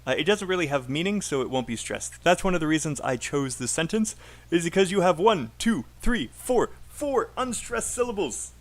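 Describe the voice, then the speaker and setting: A man's voice: fairly high pitch, expressive, normal speed. A man with a British accent teaching a live online IELTS class, patiently drilling sentences aloud and encouraging students.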